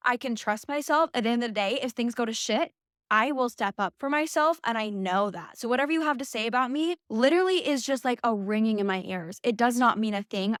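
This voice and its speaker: A woman's voice: a little high, dry recording, studio quality. A young woman vlogging, giving blunt, emphatic motivational talk and swearing freely. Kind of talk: casual motivational talk to camera.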